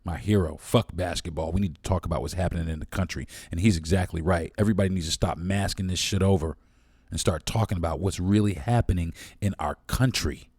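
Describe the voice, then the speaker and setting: A man with a very deep voice talking straight into the mic on his own podcast. He speaks bluntly and with passion, swearing freely. The sound is dry and close, with no room around it. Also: brisk, a little mellow, slightly rough, no room sound. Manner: blunt, profane and impassioned. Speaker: podcast host. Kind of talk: solo podcast monologue.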